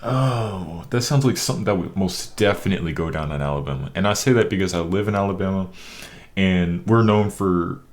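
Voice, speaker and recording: A man's voice: low voice, brisk. A man hosting a reaction video, chatting casually and reacting in disbelief. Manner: animated, incredulous, laughs a lot.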